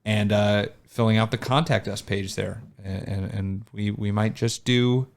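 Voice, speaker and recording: Relaxed, joking podcast co-host man. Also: on the low side, unhurried, creaky. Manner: relaxed, joking, trails off with fillers. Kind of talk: casual podcast chat.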